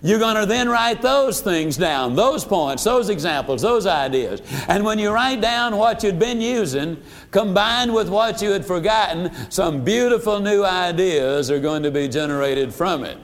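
A middle-aged man giving a motivational sales training talk, emphatic and preacherly, slowing down to stress key points. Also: sits high, lively intonation.

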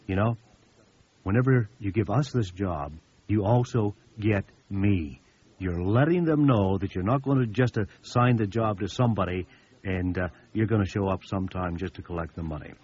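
A man's voice: lowish voice, darkish tone, husky. A man giving a sales training talk to contractors, folksy and anecdotal, repeating words for emphasis. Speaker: business seminar speaker. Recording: dull lo-fi recording.

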